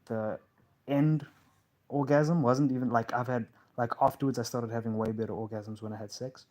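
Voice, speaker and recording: A man hosting a live Q&A from a couch in a lounge, talking in a loose, rambling way. He fills pauses with um and like, and addresses listeners as bro and man. His voice sits at an everyday middle pitch. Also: steady tone, a little mellow. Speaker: host of a live Q&A stream. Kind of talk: casual live-stream talk.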